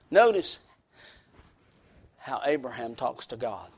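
A man preaching a sermon in a folksy, plain-spoken way, swinging from hushed, intimate lows to loud shouted peaks. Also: normal speed, long pauses, husky.

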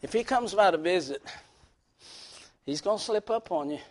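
A preacher man with a very high-pitched voice delivers a sermon. He talks in a folksy, plain-spoken way and quotes scripture. His delivery swings from soft, intimate lows to loud, shouted peaks. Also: expressive, moderate pace.

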